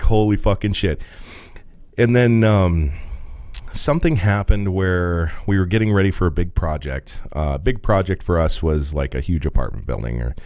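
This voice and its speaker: In studio-quality audio with no echo, a low-voiced podcast co-host from the rural Midwest tells a lengthy story during casual conversation. He's animated, curses freely and laughs often.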